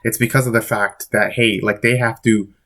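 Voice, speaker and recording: A man's voice: fairly low pitch, flat delivery, normal speed, fairly bright tone. A man giving a casual monologue to camera in a blunt, swearing, emphatic way, rambling and asking rhetorical questions. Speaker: vlogger.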